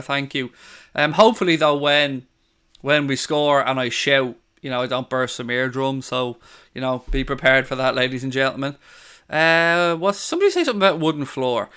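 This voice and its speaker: An Irish man hosts a relaxed football live stream from his living room, talking straight into a studio mic. His voice sits a little high and sounds bright and smooth. He jokes, swears casually and reads viewers' comments aloud. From Ireland. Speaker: football channel host. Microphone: studio condenser mic on a stand.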